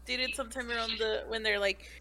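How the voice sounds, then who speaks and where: A woman's voice: on the high side, steady tone, fast. A woman on a gaming podcast, chatting eagerly and casually, swearing now and then. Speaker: podcast co-host. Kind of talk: casual chat. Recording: noisy podcast recording.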